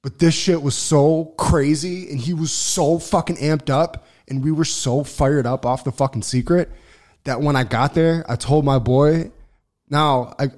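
A man telling a long personal story on a casual podcast, swearing freely, restarting sentences and getting loud when excited. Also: on the high side, unhurried. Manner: profane, rambling, lots of restarts and fillers; gets loud and excited when reliving events. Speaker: podcast co-host.

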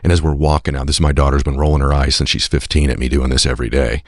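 A man telling an emotional personal story on a played clip, intense at times and dropping to soft, whispered tenderness. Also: rumbling low, level tone, very fast, dry recording, clean studio sound. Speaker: guest speaker on a played clip.

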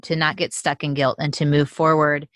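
A woman's voice: low-pitched, flat delivery, moderate pace, a bit bright, dry recording, studio quality. A woman hosting a faith podcast interview, affirming her guest with frequent agreement. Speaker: podcast host.

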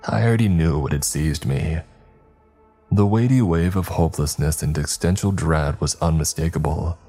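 A man narrating a scripted horror story with measured, dramatic storytelling. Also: rumbling low, slightly rough. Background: soft background music.

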